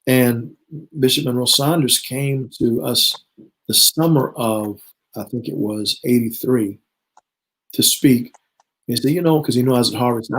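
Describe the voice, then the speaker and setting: An earnest man in his fifties recounts his own testimony as a guest bishop. His pitch sits right in the ordinary middle for a man, and he slips into remembered dialogue as he tells it. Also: normal speed, fairly bright tone, poor audio. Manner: earnest storyteller who acts out remembered dialogue. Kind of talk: personal testimony in conversation.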